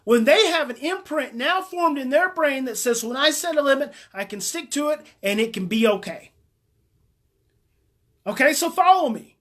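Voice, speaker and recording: A woman's voice: sits high, lively intonation, moderate pace, fairly bright tone. A woman parenting coach giving live advice, speaking emphatically and repeating her key points as she coaches listeners directly.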